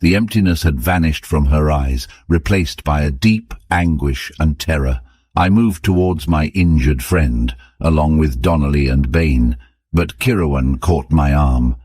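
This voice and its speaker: Very deep, husky male narrator. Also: a little slow, a little mellow, dry recording. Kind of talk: audiobook narration for English learners.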